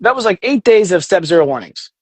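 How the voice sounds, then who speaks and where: A man talking casually as a guest on a podcast, animated, often acting out inner voices in quotes and swearing now and then. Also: sits high, quick pace, husky, no room sound. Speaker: astrologer guest.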